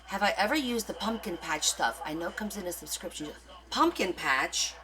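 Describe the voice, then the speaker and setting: A woman's voice: fairly low pitch, lively intonation, normal speed. A woman hosting a live crafting stream, chatting casually and rambling as she answers viewers' comments.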